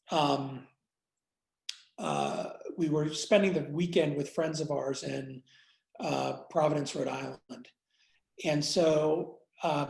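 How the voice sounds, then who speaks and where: A man interviewed as a guest, telling a personal story candidly with many pauses, fillers and restarts, and some blunt swearing. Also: on the high side, creaky, roomy sound, poor audio. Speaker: interview guest, entrepreneur and investor.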